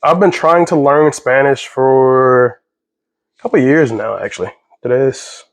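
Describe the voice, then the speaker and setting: A man's voice: medium pitch, unhurried, dry recording. A young man cooks in his home kitchen, with a voice in an ordinary middle range. He rambles and jokes and gets sidetracked as he goes, in a loose, casual manner. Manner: rambling, jokey, easily sidetracked. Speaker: vlogger. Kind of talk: casual cooking vlog.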